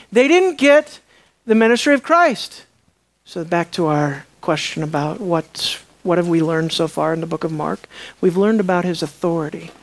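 A preacher delivering a sermon, asking the audience questions and swinging between loud, high emphasis and low, quiet asides. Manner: asks the audience rhetorical questions.

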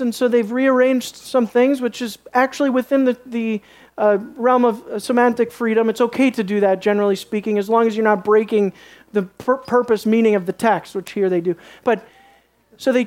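A woman with a somewhat high voice preaches an expository sermon. She speaks earnestly and with emphasis, pressing her listeners to study the passage with her. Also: darkish tone. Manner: earnest, emphatic, urges listeners to check their Bibles.

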